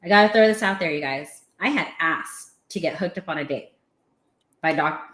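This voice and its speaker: A woman's voice: low voice, normal speed, roomy sound. A woman telling a story in casual chat, laughing often and acting out what people said. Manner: animated, laughing, acting out quotes. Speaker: podcast guest.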